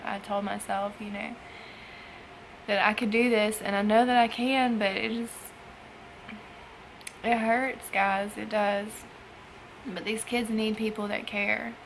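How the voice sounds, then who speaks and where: Young woman vlogging, upset after crying, halting and sighing, gravelly voice, kinda flat. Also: mid-range voice, noisy background. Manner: tearful, halting, trails off with sighs. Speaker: foster parent vlogger. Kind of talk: emotional personal vlog.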